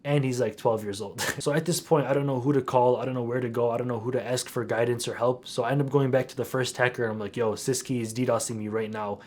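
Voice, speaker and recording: A young man retelling a story for his vlog in an animated, slangy way. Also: medium pitch, fast talker, hardly any pauses, a little hiss or hum. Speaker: YouTuber.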